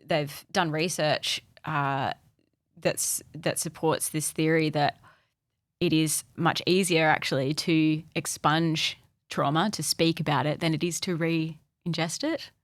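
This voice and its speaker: A young Australian woman speaking candidly as a podcast guest, thoughtful and halting, often restarting her sentences. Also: sits low, fairly even intonation, no echo, clean studio sound. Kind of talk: candid personal conversation.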